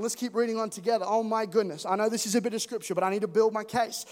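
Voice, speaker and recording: A man preaches a lively sermon, playful and animated, acting out stories and repeating words. His voice sits very high. Long reverb fills the church hall. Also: very fast, few pauses. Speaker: pastor.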